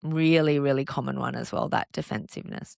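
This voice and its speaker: A woman hosting a podcast on couples' relationships, calmly explaining and asking the listener one rhetorical question after another. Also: a bass voice, a little fast, gravelly, no echo, studio quality. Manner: calm, explanatory, reassuring. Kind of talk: solo podcast monologue.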